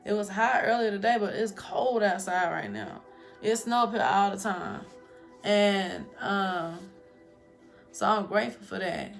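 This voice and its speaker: A woman's voice: medium pitch, a bit bright. Chatty woman telling stories. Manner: chatty storytelling, addresses viewers as "y'all". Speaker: spiritual vlogger. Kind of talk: casual motivational talk to viewers. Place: home in Colorado.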